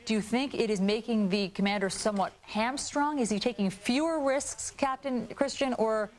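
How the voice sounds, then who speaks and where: A woman anchoring live news, prompting her guests with brisk questions. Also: fairly high pitch, a little mellow.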